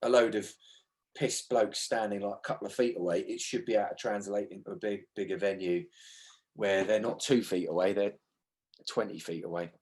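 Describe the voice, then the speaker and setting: A man with a London accent, a band's lead singer, chatting in a casual radio interview, lively and swearing freely. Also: on the low side, brisk. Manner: animated, swears freely, acts out quoted voices.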